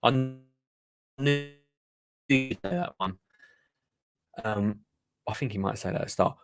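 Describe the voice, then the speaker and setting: A man's voice: on the low side, animated, measured pace. A man hosting a live gardening show, chatting casually and rambling to his viewers. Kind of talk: casual live-stream chat.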